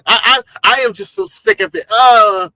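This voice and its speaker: A man's voice: extremely high pitch, big pitch swings, normal speed, vocal fry, sharp tone, dry recording, voice pushed up, full character voice, rough recording. A man putting on the voice of an exasperated young woman with a whiny valley girl manner.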